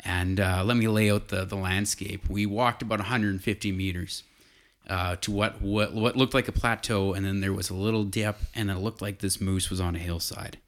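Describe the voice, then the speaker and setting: A man's voice: sits low, steady tone, moderate pace. A man telling a casual hunting story, rambling with fillers and restarts.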